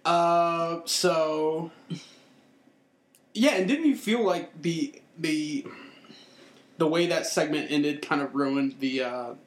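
A man's voice: a little high, takes it slowly, long pauses. A man co-hosting a podcast in casual chat, talking hesitantly with many fillers. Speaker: podcast co-host. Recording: echoey room.

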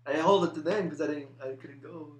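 A man's voice: on the high side, brisk. A young man telling crude, laughing anecdotes in casual chat with friends. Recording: echoey room.

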